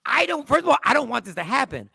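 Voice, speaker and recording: Man, talk show host, insistent and argumentative, forceful bright tone with heavy fry. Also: extremely high pitch, sing-song, fast talker, no echo, studio quality. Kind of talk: casual debate on a talk show.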